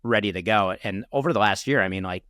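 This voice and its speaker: A man's voice: on the low side, fast talker, a bit bright, dry recording, clean studio sound. A man with a Midwestern accent hosting an interview, asking casual, curious questions. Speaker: interview host. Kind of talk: interview conversation.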